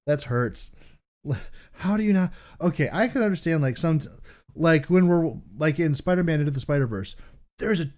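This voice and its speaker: A man co-hosting a casual podcast, rambling and animated, laughing often between his sentences. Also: fairly high pitch. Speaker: podcast co-host.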